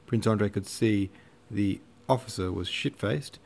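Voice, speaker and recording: A man's voice: lowish voice, unhurried, gravelly, a little mellow. A man narrating a classic novel in a slangy, irreverent retelling. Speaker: audiobook narrator. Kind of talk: casual audiobook narration.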